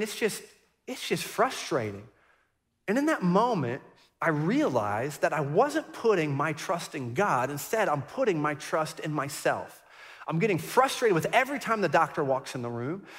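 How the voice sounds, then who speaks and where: Middle-aged pastor guy preaching, kinda high voice, restarts words a lot, church hall echo. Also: a bit bright. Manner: personal storytelling, earnest and reflective; repeats and restarts words often. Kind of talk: sermon. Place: church sanctuary.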